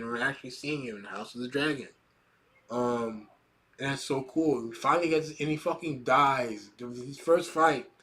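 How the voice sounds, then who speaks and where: Male reaction host, excitable and profane, reading manga panels aloud in a hushed voice. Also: on the high side. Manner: excitable, swears a lot, laughs often. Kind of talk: casual reaction commentary.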